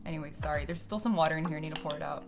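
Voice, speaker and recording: A woman's voice: low-pitched, racing, creaky, over music. A young woman live-streaming from her desk at home, chatting casually with her viewers. She swears a lot and laughs often.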